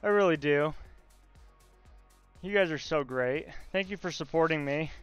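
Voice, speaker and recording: Smooth-voiced man chatting on a live stream. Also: fairly high pitch, unhurried. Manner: chatty, joking with viewers. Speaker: livestreamer talking to chat. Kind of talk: casual live-stream chat. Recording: slightly dull stream audio, faint music.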